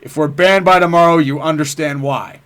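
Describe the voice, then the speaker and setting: A young man co-hosting a livestream, laid-back and deadpan. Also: a little high, moderate pace. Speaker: co-host. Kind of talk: casual livestream chat.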